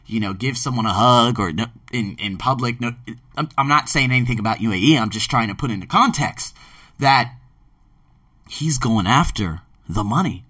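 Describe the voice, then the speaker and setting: A man's voice: mid-range voice, expressive, moderate pace, pushed and bright, no echo, recorded from a distance. A man from Philadelphia, hosting a podcast in an emphatic, casual monologue that carries some swearing. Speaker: podcast host and ESL teacher.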